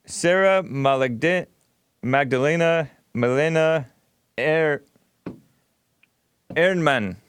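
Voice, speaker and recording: A radio talk show host runs a call-in program, easygoing and chatty, laughing now and then. His voice is a little high and smooth, and he speaks extremely slowly with frequent pauses.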